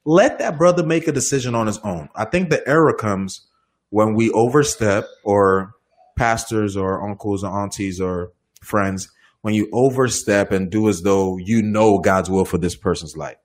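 A male minister giving casual, animated advice in a question-and-answer talk, often acting out the people he quotes and laughing. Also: on the low side, moderate pace.

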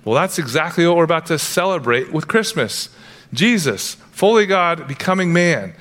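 A man's voice: on the high side, lively intonation, normal speed, fairly bright tone. Earnest male pastor preaching. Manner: earnest preaching with sudden playful asides. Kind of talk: sermon.

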